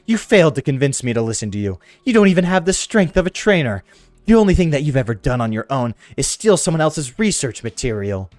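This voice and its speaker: A man reading the lines of a cold, haughty villain mother from a game in his own voice, scornful and slow. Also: mid-range voice, sing-song, darkish tone, no echo, soft background music, lightly acted. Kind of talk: reading game dialogue aloud.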